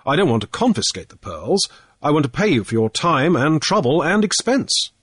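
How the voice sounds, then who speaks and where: Male reader playing a shrewd sea trader, airy and brisk, slightly raised voice, dry sound. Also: fairly high pitch, sing-song, a bit bright, breathy edge, no echo, pitched above the performer's own voice, exaggerated voice. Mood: cool, probing. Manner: brisk, airy, with little hesitations. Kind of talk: audiobook character voice.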